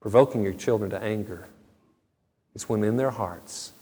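A man's voice: lowish voice, moderate pace, dark tone, slightly rough. A middle-aged man preaching a sermon as a pastor, earnest and conversational, with storytelling asides. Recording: long reverb of a large hall.

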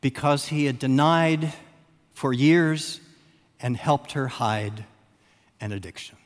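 A man preaching a sermon with dramatic repetition, long pauses, and swings from loud emphasis to a hush. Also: mid-range voice. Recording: long reverb of a large hall.

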